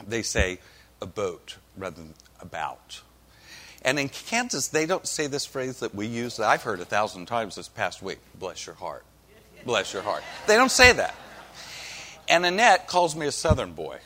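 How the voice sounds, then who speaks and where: A man's voice: medium pitch, big pitch swings, normal speed, bright, forceful tone. A male pastor from Oklahoma reading scripture and preaching with folksy, wry humor. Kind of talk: sermon with storytelling.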